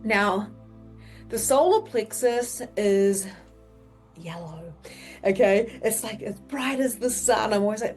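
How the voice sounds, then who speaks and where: A woman's voice: mid-range voice, animated, slow pace, darkish tone, faint music behind. A woman psychic medium and spiritual coach teaching in a casual, chatty way, often checking in with "okay?" and now and then swearing bluntly.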